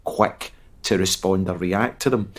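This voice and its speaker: Scottish man, lower voice, earnest podcast co-host. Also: unhurried. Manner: earnest, explanatory. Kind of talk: casual chat.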